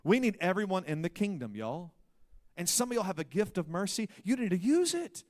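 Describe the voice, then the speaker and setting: A pastor preaching a sermon, swinging between loud emphasis and hushed asides. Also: male voice, high-pitched, sing-song, a little fast.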